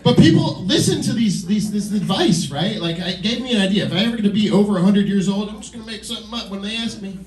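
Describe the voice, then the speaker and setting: A man in his forties works a comedy club stage, rambling through self-deprecating bits and chatting with the crowd. His voice sits high for a man, and it is heard from a distance in a roomy, echoing room. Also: quick pace, few pauses. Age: 40s. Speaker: stand-up comedian. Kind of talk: stand-up comedy set.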